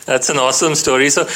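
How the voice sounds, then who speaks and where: A man interviewing a guest, eager and quick to laugh, asking loosely worded questions. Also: on the high side, vocal fry, pushed and bright, a little hiss or hum. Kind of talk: casual interview.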